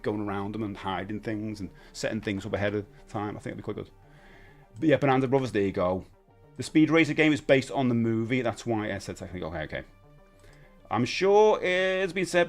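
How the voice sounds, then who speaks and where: A British man in his forties hosting a casual live stream, animated, jumping between excited high bursts and low mutters. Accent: British English. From United Kingdom. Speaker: livestream host.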